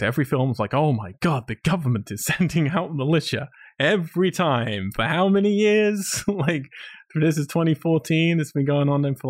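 A man's voice: mid-range voice, no room sound. Male podcast co-host, blunt and sweary, dry recording. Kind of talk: casual film review chat.

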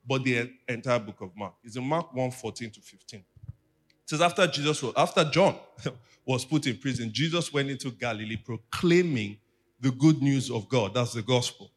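A pastor delivering a teaching sermon in church, calling on the congregation to repeat after him. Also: male voice, mid-range voice, animated, normal speed.

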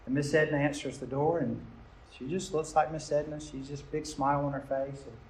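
A man's voice: a little high, steady tone, brisk. A middle-aged American man, a pastor, telling a story in an earnest, intimate, emotional sermon. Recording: roomy church reverb, faint hiss.

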